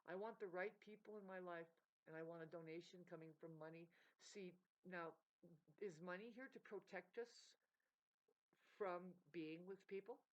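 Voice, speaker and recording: Woman ranting into her cam, swearing, goes loud then mutters, dull lo-fi sound. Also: moderate pace. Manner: rambling, heated, swearing, swinging between loud outbursts and low mutters. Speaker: vlogger. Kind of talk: emotional unscripted rant to camera. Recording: dull lo-fi recording.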